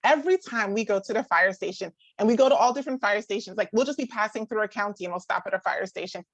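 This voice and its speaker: A woman's voice: medium pitch, dry recording. A woman in her thirties speaking casually to a group about parenting. She often says "like", restarts her sentences and laughs now and then. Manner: chatty, full of "like" and quick restarts; laughs often and acts out others' voices. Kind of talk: casual talk to a live group.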